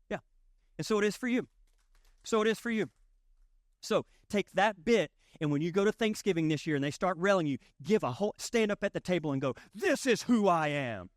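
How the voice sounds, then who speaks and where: A pastor from the Southern United States, voice a little high, delivers a conversational sermon with a Southern accent, joking folksily and repeating lines emphatically. It's studio-quality audio without echo.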